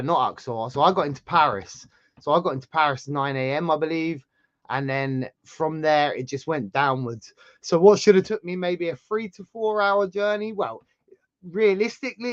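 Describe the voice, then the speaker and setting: An English man with a sore throat, telling a travel story in casual chat as a channel host, animated and rambling. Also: no room sound, muffled recording. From England. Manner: chatty storyteller, animated swings in pitch and loudness.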